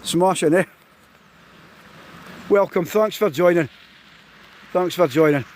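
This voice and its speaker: A man's voice: sits high, slow. A Scottish man chatting casually on a phone live-stream while he drives and then walks out in the snow, greeting his viewers again and again. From Scotland. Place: in a car, then outdoors in snow. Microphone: mobile phone. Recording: phone mic with road and car noise.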